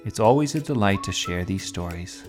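A male storyteller reading a children's tale aloud and signing off as host. His voice sits low but rolls expressively up and down, gentle throughout. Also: expressive, normal speed, over music.

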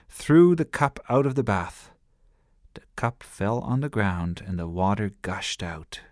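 A man reading a bedtime story aloud in a gentle, lively storytelling manner. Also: deep voice, no echo, clean studio sound.

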